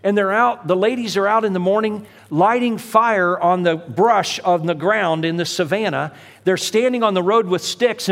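A man preaching a sermon as pastor, telling stories in an animated way and acting out the voices he quotes. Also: high voice. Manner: animated storytelling, acts out quotes. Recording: long hall reverb.

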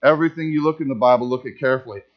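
A man's voice: mid-range voice, very fast, dull audio. A male pastor preaching a sermon at a church service, emphatic, repeating key phrases and asking the congregation questions.

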